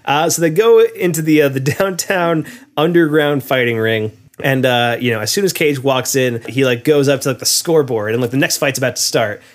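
A man's voice: mid-range voice, a little fast. A man in casual conversation, retelling a film's plot in a rambling way with lots of fillers. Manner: rambling, filler-heavy, laughs often.

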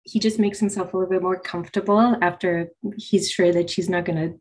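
Husky, hesitant woman podcast co-host. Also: lowish voice, fairly even intonation, brisk, darkish tone. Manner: hesitant, searching for words, many fillers. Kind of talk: casual chat, reading passages aloud.

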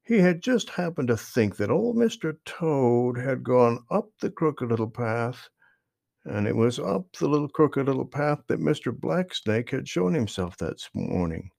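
Expressive male storyteller with a gravelly voice. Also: mid-range voice, measured pace, no room sound, studio quality. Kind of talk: children's story narration.

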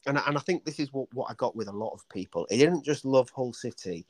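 A man's voice: medium pitch, animated, fast talker, no room sound. A man, a book author, telling long anecdotes in a casual podcast interview, with many restarts and acted-out quotes. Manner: rambling storyteller with many restarts, acting out quoted voices.

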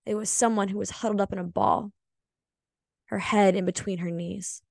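A woman talks alone on her spiritual podcast, earnest and openly emotional as she tells a personal story. Her delivery is slow and reflective, at a middling pitch. The recording is dry, with no room sound. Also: steady tone, vocal fry, darkish tone, no room sound. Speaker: podcast host. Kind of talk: solo spiritual podcast monologue.

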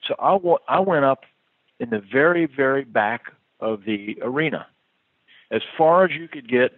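A man's voice: medium pitch, lively intonation, normal speed, dry recording. A man who toured as a musician, telling a rambling, chuckling road story full of fillers. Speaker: touring musician. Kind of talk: casual anecdote telling. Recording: tinny phone-like line.

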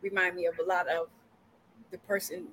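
Woman, husky voice, casual co-host, affirming remarks. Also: lowish voice, level tone, normal speed, fairly bright tone, rough recording. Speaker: podcast co-host. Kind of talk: casual interview chat.

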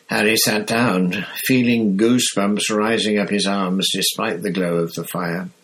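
A man narrating a novel aloud with a low, even voice. His reading is measured and steady, keeping the story moving. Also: low-quality recording. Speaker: audiobook reader. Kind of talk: scripted narration.

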